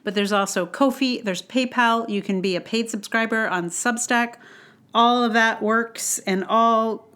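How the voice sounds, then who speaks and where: A woman's voice: fairly high pitch, measured pace, fairly bright tone, clean tone. A woman from New York hosting a solo podcast, talking in a rambling, chatty way with self-deprecating asides. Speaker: podcast host.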